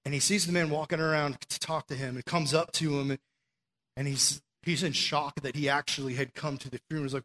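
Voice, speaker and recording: Higher-voiced man preaching casually. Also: fairly even intonation, brisk, bright, forceful tone, a little hiss or hum. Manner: conversational storytelling with frequent "like" fillers. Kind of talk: sermon.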